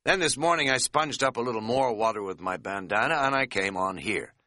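A man's voice: medium pitch, expressive, a little fast, sharp tone, no room sound, studio quality. A man voicing a scatterbrained middle-aged hiking buddy who talks in a folksy, rambling, self-mocking way. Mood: rambling sheepish. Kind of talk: audiobook character voice.

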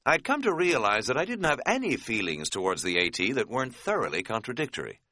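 A man giving a wry, measured first-person audiobook narration. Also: mid-range voice, big pitch swings, pushed and bright, dry recording.

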